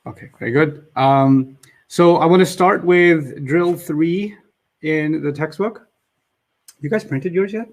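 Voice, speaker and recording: A man's voice: a little high, slow. A man teaching an Arabic class over a video call, patiently explaining words and joking with his students. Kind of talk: casual online class.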